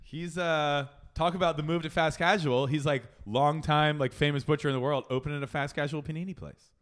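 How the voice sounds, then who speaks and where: A man's voice: fairly high pitch, steady tone, a little fast, fairly bright tone. A man in his thirties co-hosting a podcast, joking in a laid-back, casual way. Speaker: podcast co-host. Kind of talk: casual chat.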